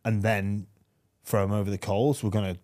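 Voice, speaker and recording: English guy hosting a podcast, fairly low voice, lively storyteller. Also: normal speed. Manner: animated storyteller, acts out voices with laughs. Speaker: podcast host. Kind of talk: casual interview chat.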